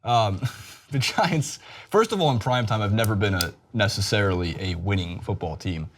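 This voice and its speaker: A man's voice: fairly low pitch, normal speed, slight background noise. A man hosting a sports talk show, breaking down a football game in casual, jokey banter. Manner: animated, jokey, breaks into laughter.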